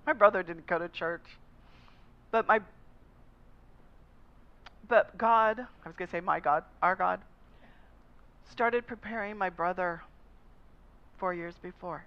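A woman's voice: fairly low pitch, slow, long pauses. Woman pastor telling personal stories. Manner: personal storytelling, conversational. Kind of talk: sermon. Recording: slightly dull lo-fi recording.

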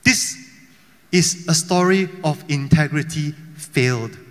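Preacher guy from malaysia, keeps asking the crowd questions, bright voice with a long echo. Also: a little high, slow. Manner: storytelling preacher with frequent rhetorical questions. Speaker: pastor. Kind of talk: sermon. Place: church hall.

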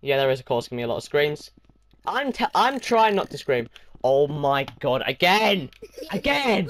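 A man's voice: fairly high pitch, sing-song, normal speed, noisy background. A young male host is narrating a multiplayer horror game, and his voice leaps up and down as he reacts. He yelps, laughs, and chatters nonstop at every scare. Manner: jumpy, yelps and screams, laughs a lot. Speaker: gaming channel host. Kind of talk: excited gaming commentary with friends.

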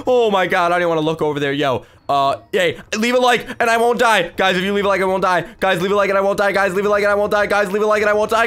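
A young man hosting a gaming video, giving excited play-by-play and shrieking in mock panic. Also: sits high, very fast, hardly any pauses, smooth, soft background music. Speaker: YouTube gaming host. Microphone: desk mic with face cam.

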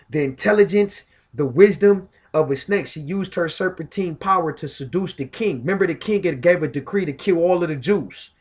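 A man delivering a profane, emphatic spiritual monologue in casual talk, often repeating filler phrases and stammering on words. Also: high-pitched. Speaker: self-styled spiritual commentator.

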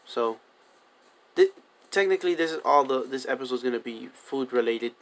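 A man's voice: medium pitch, animated, normal speed. Chatty young man narrating gameplay. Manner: chatty, coaxing animals with repeated commands. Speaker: gaming video host. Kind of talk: casual gameplay commentary.

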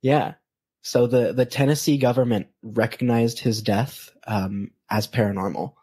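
A man's voice: mid-range voice, steady tone, unhurried, mellow, slightly rough. A man hosting a podcast, telling a story casually with many hesitations. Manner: hesitant, many ums and restarts. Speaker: podcast host.

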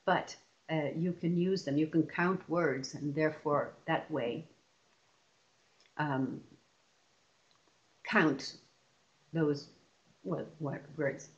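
A woman with a fairly low voice leads an online session for teachers, walking through classroom methods one step at a time. She often breaks off and restarts a phrase. The audio is dull and lo-fi, as from a webinar. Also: fairly even intonation, slow pace, pauses often. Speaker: teacher trainer presenting a webinar.

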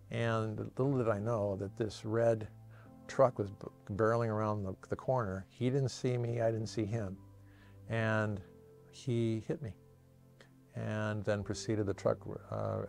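A middle-aged man with a low, gravelly voice tells his own story from memory. He speaks earnestly and reflectively, often pausing to restart a thought, with soft music playing quietly underneath. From Washington State, USA. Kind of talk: personal testimony told from memory. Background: soft cinematic music.

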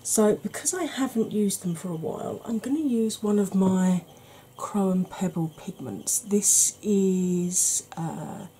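A woman talks through a makeup look in a casual, rambling way, full of little self-deprecating asides. She speaks at an unhurried pace in a mellow, warm voice. A faint hum of room ambience sits behind her. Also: mid-range voice. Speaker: makeup channel host. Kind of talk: casual makeup tutorial chat.

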